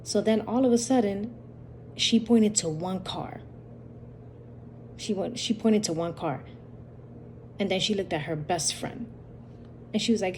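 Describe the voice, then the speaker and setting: A woman with a mellow, warm voice tells a story from a dream in a loose, repetitive way, slipping into the quoted lines of the people in it. Her pitch sits in the middle range. A faint hiss runs under the recording. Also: unhurried, pauses often. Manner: rambling, repetitive retelling with quoted dialogue. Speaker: channel host. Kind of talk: casual storytelling about a dream.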